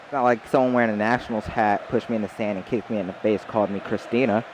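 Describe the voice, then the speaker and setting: A man's voice: fairly low pitch, steady tone, fast talker, crowd noise, background noise. A man chatting casually while playing a video game, telling rambling stories full of fillers. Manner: rambling storyteller, many fillers. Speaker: gamer.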